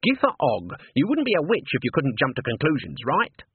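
A man voicing a stern, sharp-tongued old witch woman, speaking in a clipped, commanding way, on a dry lo-fi recording. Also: on the high side, wildly swooping pitch, brisk, slightly rough, no room sound, voice pushed up, full character voice. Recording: dry, narrow lo-fi band.

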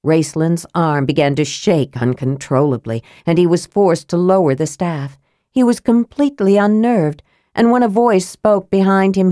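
Low-voiced woman narrating a fantasy tale. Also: no echo, studio quality. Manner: measured, even storytelling. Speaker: audiobook narrator.

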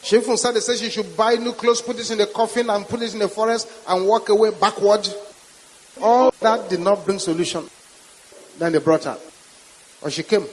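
A man with a Nigerian accent preaching a sermon as a pastor, with emphatic, repetitive declarations. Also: sits high. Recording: reverberant hall with faint hiss.

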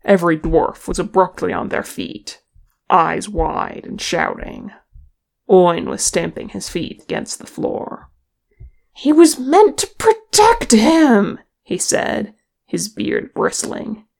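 Woman narrator, audiobook, slow, animated pitch, gravelly fry. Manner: expressive, measured reading. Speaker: audiobook reader. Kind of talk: narrating fan fiction.

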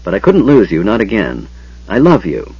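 A man's voice: on the low side, wildly swooping pitch, normal speed, slightly rough, exaggerated voice. A man voicing a headstrong young elf maiden who talks in a petulant, defiant way. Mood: soft pleading. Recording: dull lo-fi sound.

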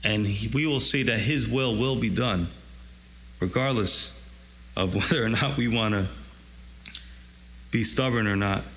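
A man's voice: on the low side, unhurried, long pauses, a bit bright, big-room sound, slight background noise, low-quality recording. A man preaching a conversational sermon, retelling scripture and acting out the dialogue in a casual voice.

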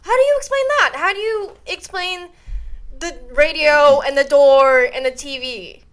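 High-voiced woman telling a spooky story. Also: fairly bright tone. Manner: chatty, halting storytelling full of likes. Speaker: guest. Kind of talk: casual chat.

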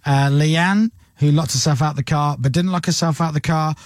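A man hosting a radio show in a studio, chatting playfully and clowning with a deep mock voiceover voice. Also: fairly even intonation, moderate pace, no echo. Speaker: radio host. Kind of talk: casual radio chat.

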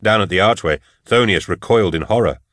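Low-voiced man narrating an audiobook. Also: brisk, fairly bright tone, dry recording, clean studio sound.

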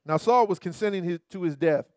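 A man pastor preaching a sermon in an animated, colloquial way, turning often to his listeners with repeated asides. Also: high voice, moderate pace, dry recording, clean studio sound.

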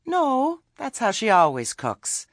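A man's voice: sits high, huge pitch swings, slow, no room sound, clean studio sound, pitched above the performer's own voice, heavily acted. A man doing a hearty, sly old witch woman. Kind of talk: audiobook character reading.

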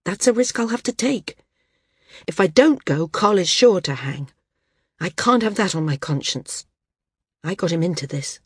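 A woman's voice: lowish voice, lively intonation, normal speed, pauses often, breathy edge, no room sound, clean studio sound. A woman voicing a determined woman flyer, speaking in an earnest, resolute way in an audiobook. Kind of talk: audiobook character reading.

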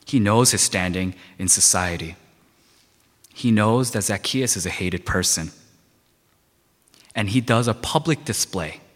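A man's voice: fairly low pitch, measured pace, long pauses, a bit bright. Emphatic male preacher in a reverberant hall. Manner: emphatic, repetitive preaching with rhetorical questions. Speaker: pastor. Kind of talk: sermon. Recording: long reverb of a large hall.

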